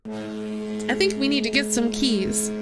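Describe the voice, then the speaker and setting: A woman's voice: fairly high pitch, vocal fry. A young woman streamer, chatty, reading game text aloud and talking to viewers. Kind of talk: casual game playthrough narration.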